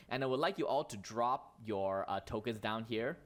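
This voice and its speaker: A man's voice: on the low side, unhurried. A man narrating as dungeon master in a tabletop game, chatty, correcting himself as he goes. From Malaysia. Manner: chatty, with self-corrections and laughs.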